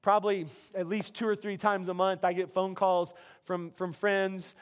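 Male pastor, middle-aged, high voice, casual animated sermon delivery. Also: moderate pace, clean tone. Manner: conversational, animated, self-interrupting preacher.

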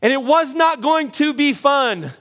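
Middle-aged pastor guy w a really high voice, chatty sermon, throws questions at the crowd, pokes fun at himself. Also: lively intonation, a little slow, fairly bright tone. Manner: conversational, asks the congregation questions, self-deprecating humor.

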